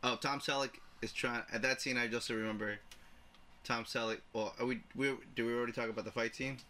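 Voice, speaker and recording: A man's voice: medium pitch, steady tone, a little fast, bright, forceful tone. A man co-hosting a casual podcast chat, loose and joking, swearing freely. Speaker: podcast co-host.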